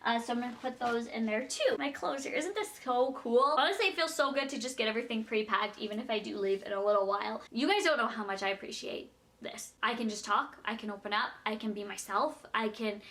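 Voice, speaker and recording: A woman's voice: on the high side, fairly quick, a bit bright. A young woman chatting casually in a vlog as she packs, rambling and giggling as she talks. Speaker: vlogger.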